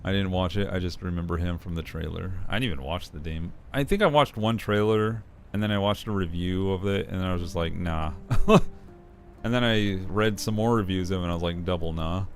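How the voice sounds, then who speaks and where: A man's voice: low voice, fairly quick, faint music behind. A man chatting casually and playfully on a live stream, laughing often.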